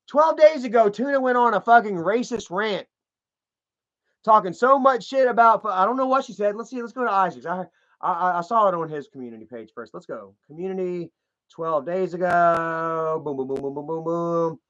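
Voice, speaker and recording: A man's voice: high voice, moderate pace, a bit bright. A man giving profane, heated commentary to his viewers, ranting as he browses online pages. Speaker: commentary vlogger. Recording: dull lo-fi sound.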